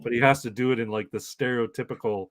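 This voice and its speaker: A man's voice: medium pitch, steady tone, fast talker, dry recording. A man in his forties from Canada chats casually on a podcast, circling his point with restarts and repeated words. His voice sits in a middling register. The sound is close and dry, with no room around it. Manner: rambling, with many false starts and repeated words. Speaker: podcast host. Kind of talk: casual chat.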